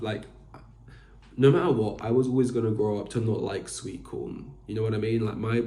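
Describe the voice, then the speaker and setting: A young man's lowish, mellow voice carries a casual solo podcast he hosts, full of rambling, fillers, and restarts, recorded in an echoey room.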